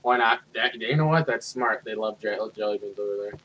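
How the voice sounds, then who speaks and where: A man's voice: fairly low pitch, fairly quick, dull audio, slight background noise. A man with a Michigan accent, teasing his friends in a casual gaming chat. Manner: wry, teasing banter.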